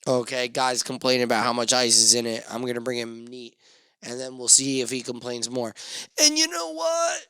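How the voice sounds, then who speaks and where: Profane rambling podcast host, crisp dry voice. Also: male voice, mid-range voice, flat delivery, brisk, dry recording. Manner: profane, drunken, self-mocking rants with sudden loud outbursts. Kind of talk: rambling solo podcast monologue.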